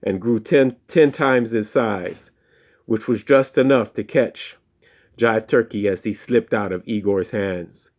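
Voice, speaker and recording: A man telling a playful story in a slow, hushed, deliberate way, with call-and-response chants. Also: on the low side. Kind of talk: spoken children's storytelling.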